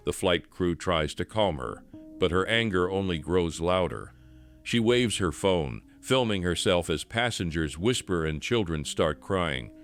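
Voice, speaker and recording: A man narrating a scripted documentary in an even, measured storytelling manner. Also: deep voice, soft background music.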